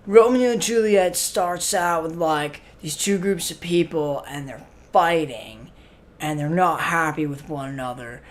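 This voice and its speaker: A man with a natural, slightly high voice acts the part of a clueless, spaced-out young stoner hosting a comic web show. It's a comedy sketch monologue, drawled with plenty of fillers and frequent "man" at the end of phrases.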